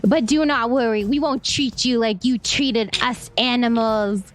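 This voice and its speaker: A woman's voice: fairly high pitch, fairly even intonation, unhurried, lightly acted. A woman voicing a scheming awakened animal leader who makes a grand speech declaring a coup, giggling as she goes. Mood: grandiose.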